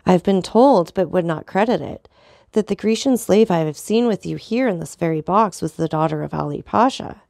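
A woman voicing an earnest, concerned young gentleman. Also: on the low side, animated, moderate pace, vocal fry, dry recording, clean studio sound.

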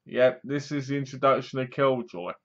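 A man's voice: medium pitch, moderate pace, muffled recording. A man reviewing a film in a casual, rambling way with wry humor. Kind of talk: casual spoken movie review.

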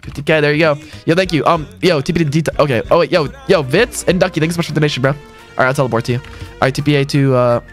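A man's voice: fairly high pitch, very fast, faint music behind. A young man live-streaming a game, chatting casually and answering viewers' messages as he plays. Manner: casual, reads chat aloud and answers it. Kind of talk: live gaming stream chat.

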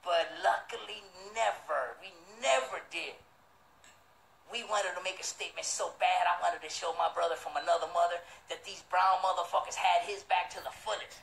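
Profane, animated man. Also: high voice, normal speed, gravelly, slight background noise. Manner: loud, profane, acts out the other people's voices. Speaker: show host telling a story. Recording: roomy echo.

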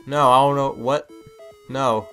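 A man's voice: medium pitch, steady tone, a little slow, a bit bright, soft background music. A man casually commentating a video game playthrough, rambling and repeating himself, yelping when startled. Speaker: gameplay channel host. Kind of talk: casual let's-play commentary.

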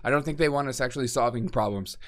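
A man's voice: mid-range voice, quick pace, fairly bright tone. A man hosting a casual political opinion show, talking in a mocking, exasperated way, laughing often and acting out the quotes he makes fun of. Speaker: political commentary host.

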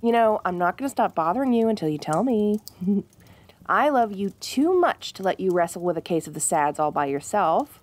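A woman's voice: medium pitch, animated, moderate pace, darkish tone. A young woman in a whispered role-play as a playful, teasing girlfriend who is bossy but affectionate and laughs often.

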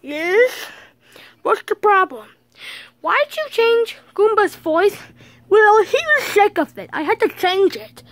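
A woman voicing a calm male hand character who answers in a matter-of-fact manner. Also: very high-pitched, takes it slowly, dry recording, heavily acted. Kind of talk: homemade toy video voice acting.

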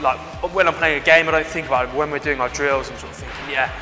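A young man talks through his sprint drills in a loose, halting way, leaning on "like" and "basically". His voice is bright and forceful. He is recorded with a long reverb tail, and faint music plays in the background. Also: a little high, fairly even intonation. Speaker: rugby winger. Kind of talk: casual demonstration chat.

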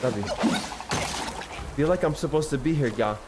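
A young man live-streaming a game, chatting excitedly and slangily with his viewers. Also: mid-range voice, normal speed, heavy background noise. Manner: excitable, slangy, keeps addressing chat. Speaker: gaming streamer. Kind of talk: casual live-stream chat.

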